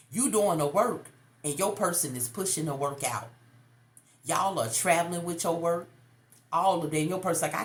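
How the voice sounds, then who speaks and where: A woman's voice: lowish voice, a little fast. A woman doing a casual tarot reading for viewers, slangy and emphatic, calling the listener baby. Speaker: tarot card reader. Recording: echoey room, faint noise.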